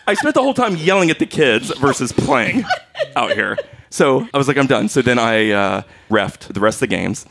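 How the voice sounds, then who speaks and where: A man as a podcast guest, telling a funny story casually and acting out his own yelling. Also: mid-range voice, big pitch swings, moderate pace, creaky, background noise.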